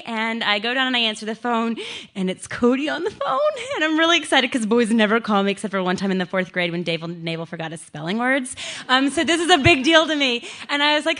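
A woman's voice: a little high, lively intonation, fast, fairly bright tone. A young woman telling a funny personal story to an audience, chatty and self-mocking, with many ums and likes.

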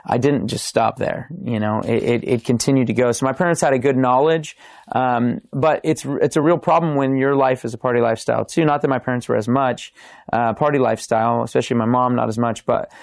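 A man's voice: medium pitch, fairly even intonation, brisk, vocal fry, no room sound, clean studio sound. A man in his thirties, a podcast guest telling his faith testimony in an earnest, restart-filled storytelling way. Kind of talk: testimony in casual interview.

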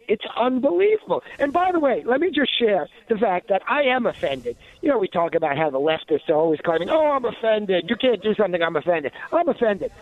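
An indignant man with a high voice gives sarcastic talk radio commentary. He keeps restarting and adding asides. The sound is thin and phone-like, with no room around it. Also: no room sound.

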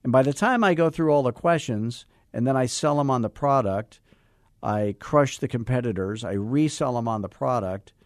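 A man's voice: medium pitch, normal speed, no room sound, clean studio sound. A man coaching real estate agents in a podcast lesson, acting out sales dialogues and drilling lines in emphatic repetition. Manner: animated, acts out sales dialogues.

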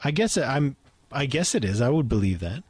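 A man's voice: medium pitch, very animated, a little fast, darkish tone, breathy edge, dry recording. A man hosting a radio talk show, chatty and joking with his co-host. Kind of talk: casual radio chat.

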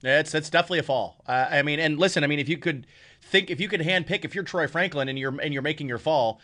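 A man with a bright, forceful voice co-hosting a casual draft discussion. He muses aloud and leans on easy fillers as he builds toward a point. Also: a little high, fast talker. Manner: conversational, many fillers, musing. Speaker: co-host. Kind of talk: casual sports talk.

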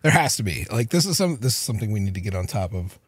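A man's voice: on the low side, very animated, fast talker, breathy edge, dry recording, clean studio sound. A man co-hosting a podcast, riffing playfully in casual chat. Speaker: podcast co-host.

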